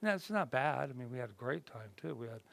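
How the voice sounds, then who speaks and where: Gravelly male reverend teaching. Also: medium pitch, fast talker. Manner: conversational, animated, acts out voices in his stories. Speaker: reverend teaching a spiritual class. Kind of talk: casual spoken talk.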